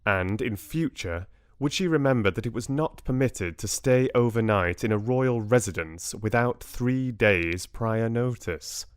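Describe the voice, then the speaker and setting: A British man narrating an audiobook calmly, in a measured storytelling manner, close to the mic. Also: medium pitch, clear, resonant tone, no echo.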